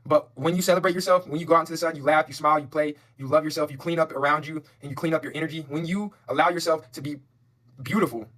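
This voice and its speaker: A man's voice: fairly high pitch, steady tone, fast, fairly bright tone. A man giving a motivational tarot reading, fervent and repetitive, preaching affirmations and swearing casually. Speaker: tarot reader.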